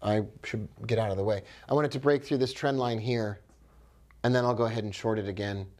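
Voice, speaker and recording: A man's voice: lowish voice, steady tone, brisk, darkish tone. Man thinking aloud over his trades. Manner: thinks aloud, upbeat exclamations; talks to viewers by name. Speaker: forex trader. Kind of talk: live trading commentary.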